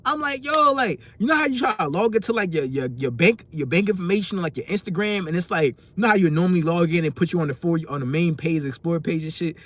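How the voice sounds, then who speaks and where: A young man telling a casual storytime vlog, animated and slangy, his voice jumping up when he gets exasperated. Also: fairly high pitch, fast talker, hardly any pauses. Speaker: storytime vlogger.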